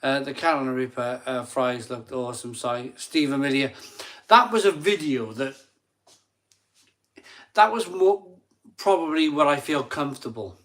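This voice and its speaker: A man's voice: medium pitch, normal speed, long pauses, a bit bright. A middle-aged man hosting a casual live stream, tipsy after a few beers, chatty and laughing at himself as he reads viewer comments. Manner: chatty, laughing, self-mocking, rambling with restarts. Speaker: livestream host reading viewer comments.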